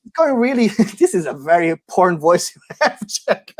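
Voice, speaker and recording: A man's voice: high voice, very animated, moderate pace, crowd noise. A man from Portugal doing a crude, laughing stand-up story over a video call, with lots of fillers. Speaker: stand-up comedian. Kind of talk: stand-up set and banter.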